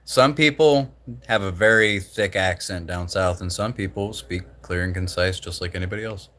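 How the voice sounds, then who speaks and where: A man's voice: deep voice, normal speed, fairly bright tone. A young man from the Southern United States with a slight Southern drawl, rambling casually and profanely while hosting a livestream. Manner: rambling, profane, laid-back. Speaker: livestream host.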